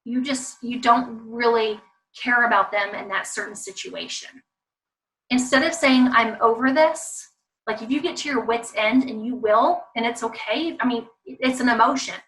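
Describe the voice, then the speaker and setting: A woman's voice: on the high side, moderate pace, fairly bright tone, far from the mic, low-quality recording. A woman giving an online parenting talk with slides over a video call, emphatic and repetitive, speaking straight to parents. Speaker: parenting coach.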